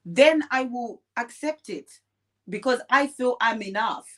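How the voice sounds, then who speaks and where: A woman's voice: fairly high pitch, lively intonation, measured pace, bright, forceful tone. A woman co-hosting a podcast, speaking in an encouraging, affirming way. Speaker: podcast co-host. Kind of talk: conversational discussion.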